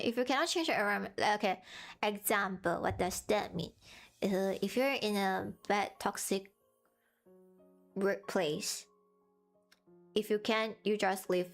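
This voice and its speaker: A VTuber streams from home, chatting casually and offering earnest, encouraging advice. Her mid-range, slightly bright voice has vocal fry and sounds sore and strained, and her English is halting with non-native phrasing.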